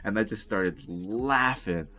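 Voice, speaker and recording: A man's voice: fairly low pitch, slow pace, sharp tone. A young man telling a storytime tale in a casual, rambling way, swearing and laughing as he goes. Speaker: storytime vlogger.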